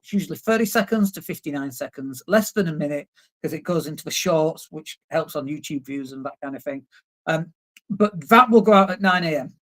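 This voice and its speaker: A man's voice: a little high, fairly bright tone. A man and marketing coach, talking casually on a livestream. He is blunt and emphatic and swears now and then. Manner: blunt, emphatic, swears casually, mocks objections in put-on voices. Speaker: marketing coach and live streamer. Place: indoors at a computer, living in Spain.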